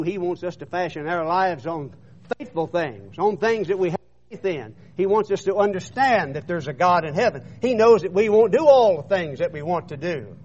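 A man's voice: fairly high pitch, darkish tone, a little hiss or hum. A man preaching a sermon, retelling scripture in an emphatic storytelling manner and often repeating words. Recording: dull muffled recording.

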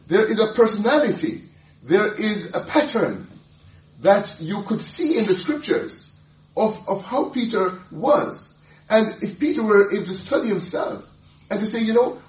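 Animated man teaching the Bible. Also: high-pitched, reverberant, distant mic. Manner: animated, laughing often, many restarts.

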